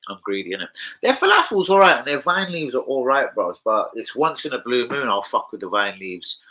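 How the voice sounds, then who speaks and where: A man's voice: medium pitch, sing-song, fairly quick, pushed and bright, low-quality recording. A young man, hosting a casual live-stream chat, rambling through stories full of slang and swearing. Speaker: football fan channel host.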